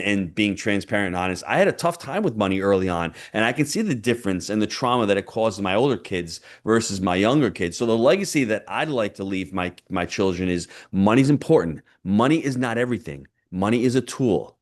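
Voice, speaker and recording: A middle-aged man, a real estate investor appearing as a podcast guest, telling stories in an animated, emphatic way with punchy phrasing. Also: fairly low pitch. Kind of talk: podcast interview.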